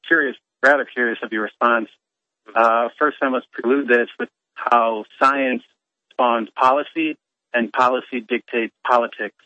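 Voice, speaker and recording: A man's voice: medium pitch, no room sound. A young man calling in to a radio show, rambling in a hesitant, long-winded way over the phone. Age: young adult. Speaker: caller. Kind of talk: call-in question. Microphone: telephone. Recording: dull phone line.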